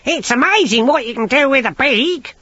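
A man voicing a cheeky, sardonic talking raven in an audiobook, squawky and high. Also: lively intonation, moderate pace, bright, forceful tone, husky, no room sound, lo-fi sound, exaggerated voice. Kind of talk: audiobook character voice.

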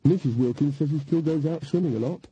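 A man's voice: on the high side, fast, mellow, highs cut off, a little hiss or hum, pitched above the performer's own voice, natural voice. A man voicing an earnest, somewhat gloomy young woman witch with a plaintive manner, read as an audiobook character.

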